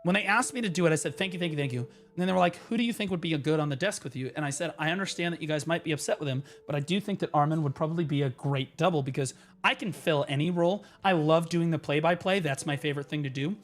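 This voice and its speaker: A young man telling a story on stream in a profane, excitable way, now and then bursting into shouts. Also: a little high, very fast, few pauses. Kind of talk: animated storytelling rant.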